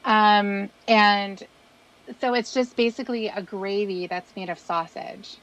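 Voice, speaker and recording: A woman's voice: medium pitch, unhurried, a bit bright, highs cut off. A woman hosting a casual chat, explaining things in a loose, rambling way. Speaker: host.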